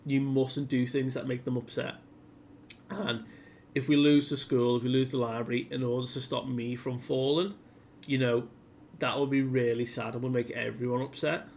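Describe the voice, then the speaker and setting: Une jeune fille géante, courageuse et dévouée, lue par un homme. Elle parle simplement et sincèrement, à voix posée, sans grand effet de jeu. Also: male voice, medium pitch, level tone, normal speed, darkish tone, a little hiss or hum, close to an everyday voice. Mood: earnest. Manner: earnest plain-spoken speech. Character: brave young giant girl, earnest and selfless.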